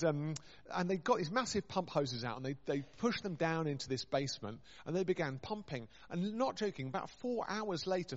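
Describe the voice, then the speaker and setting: A vicar preaching in a fairly high voice, spinning a humorous anecdote with self-deprecating asides. The sound is a little dull, and his voice rings out with a long reverb through a large church. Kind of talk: storytelling sermon.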